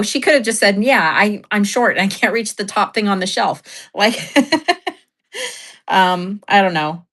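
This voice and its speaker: Woman streamer just chatting, laughs a lot, tells stories, talks back to chat, medium pitched voice. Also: fairly bright tone. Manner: chatty storyteller, laughs often, reads chat aloud. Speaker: livestream host. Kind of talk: casual livestream chat.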